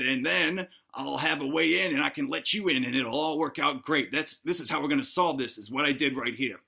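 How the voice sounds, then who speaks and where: A man's voice: fairly high pitch, a little fast, vocal fry, few pauses, sharp tone, slightly rough. A man retelling an ancient history story in a casual, profane, joking way, briefly putting on voices for the figures he quotes. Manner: profane, irreverent, mocking the listener.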